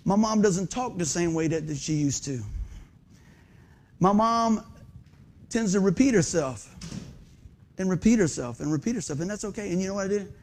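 Animated high-voiced preacher man in his fifties. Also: moderate pace, pauses often. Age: 50s. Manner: animated, quizzes the congregation, self-deprecating humor. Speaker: pastor. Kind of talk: conversational sermon. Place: church sanctuary under stage lights.

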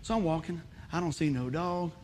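A man's voice: on the high side, brisk, a little mellow, slight background noise. A male pastor, telling a funny story in a sermon, laughing often and acting out the voices.

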